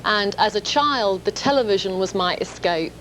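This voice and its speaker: A woman's voice: medium pitch, animated, moderate pace, fairly bright tone, slight background noise, poor audio. A woman in her thirties from London with a London accent, chatting as a guest on a TV shopping show and laughing often. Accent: London English. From England. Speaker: guest actress. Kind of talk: casual chat. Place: TV shopping studio.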